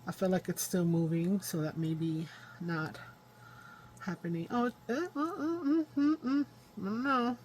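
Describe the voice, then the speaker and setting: A woman's voice: on the low side, a little mellow, slight background noise. A woman hosting a casual crafting vlog, rambling to herself as she works at her craft table at home. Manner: rambling self-talk while working with her hands. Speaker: crafting channel host.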